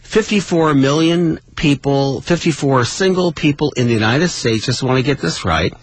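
A man's voice: on the high side, normal speed, husky, dry recording, poor audio. A middle-aged man co-hosting a radio show, playful and teasing in casual chat. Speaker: radio co-host.

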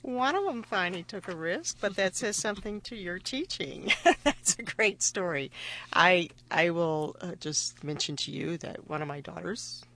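Gravelly-voiced woman moderating a talk. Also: on the low side, lively intonation, moderate pace, sharp tone. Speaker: moderator inviting stories. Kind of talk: hosting a live storytelling talk.

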